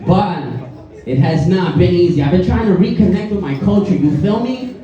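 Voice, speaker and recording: A man from the Bronx, New York, with a Bronx accent and a high-sitting voice, does a stand-up set at a moderate pace. On a comedy club stage he stays loose and conversational, repeatedly asking the crowd "you know what I'm saying." The far-off, roomy club mic sounds muffled, with a loud, laughing audience.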